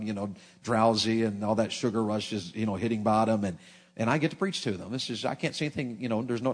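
A middle-aged man, preaching a sermon with folksy, animated humor. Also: fairly low pitch.

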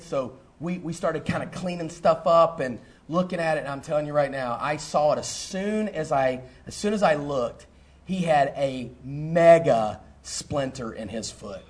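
A middle-aged man, a pastor telling a personal story in a sermon, animated and full of fillers and restarts. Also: a little high. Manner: animated, repeats himself, lots of fillers.

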